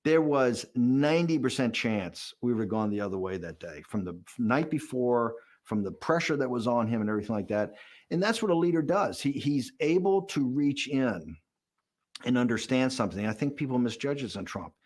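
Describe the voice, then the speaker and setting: A man gives an interview, recounting a behind-the-scenes episode. He talks in an animated, storytelling way, often restarting his sentences and repeating words as he goes. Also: medium pitch. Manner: rapid, animated storyteller, acting out quotes and chuckling. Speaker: interviewee, political strategist.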